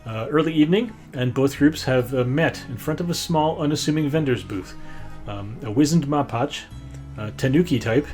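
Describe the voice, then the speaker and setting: A man's voice: a little high, normal speed, darkish tone, soft background music. A man running a tabletop game as game master, rambling and stopping often to find his words. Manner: rambling, many fillers and restarts.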